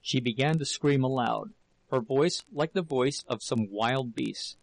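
A man narrating a novel as an audiobook in a measured, dramatic storytelling manner. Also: mid-range voice, gravelly, poor audio.

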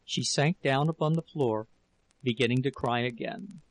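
A man narrating a classic novel as an audiobook, in a measured, deliberate reading. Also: mid-range voice, gravelly, no room sound, rough recording.

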